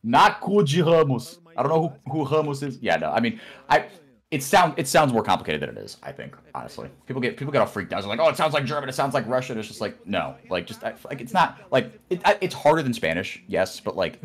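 A man co-casting an esports stream, talking in rambling, animated casual chat with many restarts. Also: mid-range voice, brisk. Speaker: esports co-caster.

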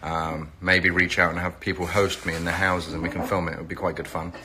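Over a noisy background, a deep-voiced middle-aged man from England talks fairly quickly with little pitch movement. He's a reality TV personality hosting a casual live stream on his phone, greeting viewers by location and promoting an event.

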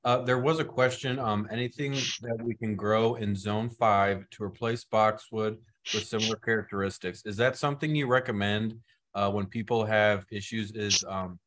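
A man's voice: lowish voice, a bit bright. A man moderating a webinar, passing on audience questions in a casual way with many fillers.

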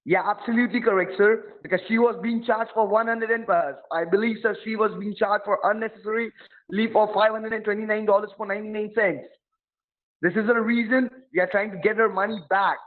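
A man's voice: high-pitched, fairly even intonation, a little fast. A man playing a support agent on a phone call, pushy and threatening, repeating his demands over and over. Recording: tinny phone line.

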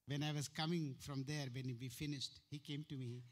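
A man with an Indian English accent preaching a sermon as pastor, firing rhetorical questions and jumping sharply in pitch and volume. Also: steady tone, moderate pace. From Uttarakhand, India. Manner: sudden sharp jumps in pitch and loudness.

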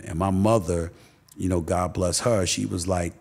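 Middle-aged New guest, emphatic storyteller, very low husky voice. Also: male voice, flat delivery, moderate pace, a little mellow. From Queens, New York. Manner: emphatic, repeats phrases for stress. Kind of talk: candid personal storytelling.

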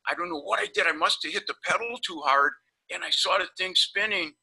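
A man's voice: high voice, brisk, vocal fry, bright, forceful tone, breathy edge, exaggerated voice, poor audio. A man imitating a flustered male dentist who rambles and stammers in a panic. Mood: panicked.

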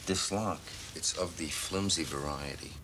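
An actor playing a wisecracking American police detective in a 1980s crime drama, with a sardonic, blunt way of talking. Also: male voice, low-pitched, unhurried, sharp tone. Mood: casual. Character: brash wisecracking American male cop. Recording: noisy 1980s TV soundtrack.

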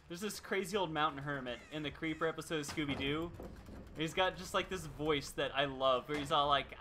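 A man's voice: fairly high pitch, fairly quick, pushed and bright. A man streaming a video game, giving playful, chatty commentary and laughing often.

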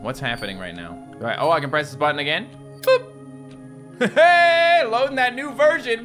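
A man giving joking, exclamatory let's play commentary over a video game, reading its text aloud as he goes. His voice is bright and swings widely in pitch, with faint game music underneath. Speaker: gaming video host.

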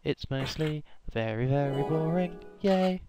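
A young gaming YouTuber gives casual, rambling, joking commentary as he plays, breaking into random outbursts and humming tunes. His medium-pitched voice moves at a moderate pace over music in a low-quality recording.

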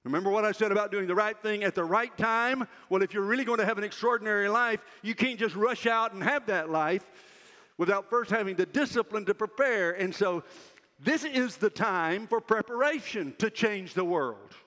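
An older man giving a loud, emphatic chapel sermon to university students in a large hall. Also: high-pitched, normal speed. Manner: loud, emphatic preaching that drops to a soft, self-mocking aside. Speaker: university president speaking at chapel. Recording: reverberant hall.

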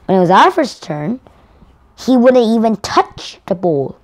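A woman's voice: fairly high pitch, sing-song, unhurried. A woman whose first language is Korean, reading a picture book aloud with care and correcting herself as she goes. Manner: careful, with restarts and self-corrections. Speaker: storyteller.

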